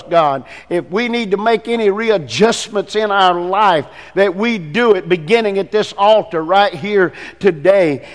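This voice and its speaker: An older man, preaching a fervent sermon as pastor in a church, swinging between hushed and loud passages. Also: high voice, long reverb tail. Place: church sanctuary.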